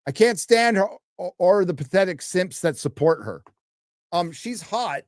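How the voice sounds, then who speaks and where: A man's voice: sits high, lively intonation, a little slow, no room sound, studio quality. A man hosting a casual live stream, reading viewer donations and messages aloud with an offhand, crude manner and many fillers. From United States. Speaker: livestream host reading donations.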